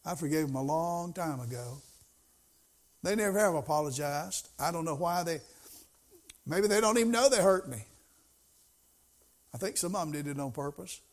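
A man's voice: fairly high pitch, expressive, normal speed, pauses often. A middle-aged man preaching a sermon as pastor, in a folksy, conversational way that rises to emphasis.

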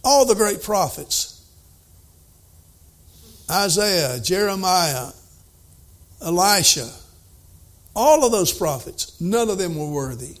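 A man preaching a sermon, reading scripture aloud in old wording and explaining it plainly, his voice rising to emphatic and dropping to hushed. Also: high-pitched, sing-song, slow pace, pauses often. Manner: voice rises and falls widely, at times emphatic, at times hushed.

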